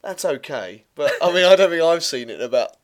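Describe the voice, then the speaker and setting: A man's voice: fairly high pitch, big pitch swings, a little fast. A man co-hosting a podcast, chatting casually about a film with lots of restarts and laughter. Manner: rambling, self-correcting, laughs often. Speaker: podcast co-host.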